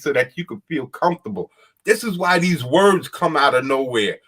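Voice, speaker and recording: A man's voice: a little high, animated, moderate pace, a bit bright. A man hosting a casual talk show who speaks in a plain, folksy way, repeats his points for emphasis, and often laughs while he rants.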